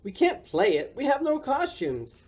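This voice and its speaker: A woman reading aloud and voicing a loud, bossy male storybook character who explains everything. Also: sits high, wildly swooping pitch, moderate pace, breathy edge, pitched above the performer's own voice, full character voice. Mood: explaining.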